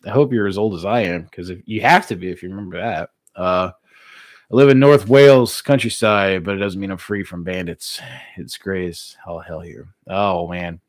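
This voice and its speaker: An American man casually chatting with his live-stream viewers, relaxed and laughing easily, with plenty of filler words. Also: deep voice, moderate pace, no echo, studio quality. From United States. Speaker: streamer reading live chat.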